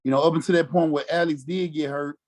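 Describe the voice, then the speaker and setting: A former football player from Mississippi, telling stories casually and acting out quotes with lots of "you know what I'm saying". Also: male voice, a little high, fairly even intonation, fast, a little mellow. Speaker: former NFL fullback, podcast guest. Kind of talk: casual storytelling interview.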